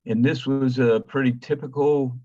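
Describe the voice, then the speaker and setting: An older male archaeologist giving a slide presentation, halting and restarting often, with many fillers, calling for the next slide. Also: mid-range voice, steady tone, warm tone, no echo, lo-fi sound. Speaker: guest lecturer, archaeologist.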